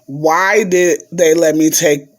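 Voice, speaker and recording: A man's voice: fairly high pitch, steady tone, takes it slowly. A man vlogging in a chatty, casual way, telling a story to his viewers and calling them y'all.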